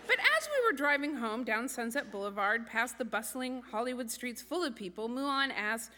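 A woman's voice: a little high, animated, moderate pace, hardly any pauses, pushed and bright. A woman telling a comic personal story on stage, with a wry, self-mocking delivery. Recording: reverberant hall with background noise.

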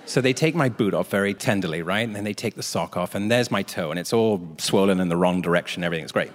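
In a large hall, a man with a low voice speaks fast as a talk show guest, telling a comic anecdote. He's an animated storyteller who acts out the other people in it by doing their voices.

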